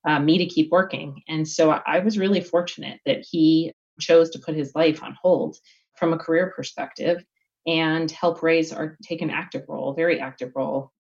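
A woman's voice: low voice, fairly even intonation, normal speed, gravelly, a little mellow, lo-fi sound. A middle-aged woman giving a candid, reflective interview answer, full of fillers and restarts. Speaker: guest executive.

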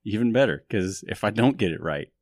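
A man's voice: fairly low pitch, animated, a little fast, darkish tone, no echo, studio quality. A man hosting a podcast in casual chat, joking, self-mocking and rambling. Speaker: podcast host.

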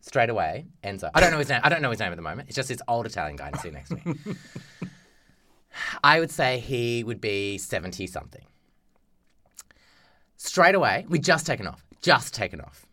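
On a podcast, a young male co-host launches into a profane, exasperated travel story, impersonating the people and their quotes as he rants. His mid-range voice is sharp and very animated, at a moderate pace with frequent pauses.

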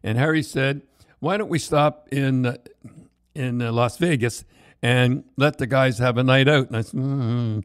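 A man's voice: medium pitch, a little slow, smooth, no room sound. Older man rambling through anecdotes, dry close sound. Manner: rambling, animated, with frequent restarts and laughs. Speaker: storyteller co-host. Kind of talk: casual anecdote telling.

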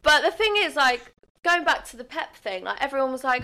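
A woman chatting casually about football, animated and quoting people in voices. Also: sits high, fairly quick. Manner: animated, quotes her dad in voices.

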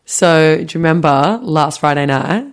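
A young woman, co-hosting a podcast in casual chat, with quick teasing remarks. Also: deep voice, animated. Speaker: podcast co-host.

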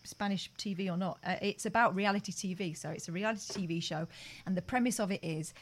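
A woman's voice: fairly low pitch, quick pace, slight background noise. A woman co-hosting a radio show, chatting casually and laughing easily.

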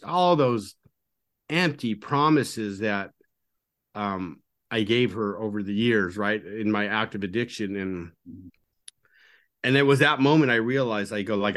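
Low-voiced man telling his recovery story. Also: a little slow, fairly bright tone. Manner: earnest and confiding, often trailing to a low murmur. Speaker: podcast guest, recovery coach. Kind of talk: candid storytelling interview.

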